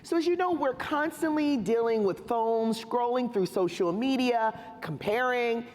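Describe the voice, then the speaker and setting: A woman moderating a conference panel, upbeat and energetic as she coaxes the audience and asks questions. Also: fairly high pitch, a little slow, slight background noise. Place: large hall on a conference stage. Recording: long hall reverb with faint ambience.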